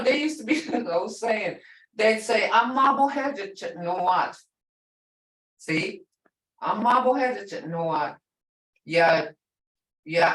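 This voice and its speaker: A chatty woman instructor talks casually with her class and repeats words slowly so they can follow. Her voice sounds echoey and a little distant from the mic, as if picked up across a room. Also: medium pitch, fairly bright tone. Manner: chatty, explains with stories, repeats words for learners. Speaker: language instructor.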